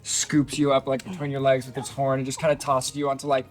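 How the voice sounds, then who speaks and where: A man's voice: mid-range voice, monotone, fast talker, faint music behind. A man narrating a tabletop game as dungeon master, casual and rambling with many fillers.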